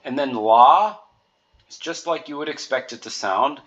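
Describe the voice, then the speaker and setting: Slow, patient man teaching pronunciation. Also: mid-range voice, animated, a bit bright. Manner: patient, explains with everyday example words. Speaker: music teacher. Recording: dull lo-fi recording.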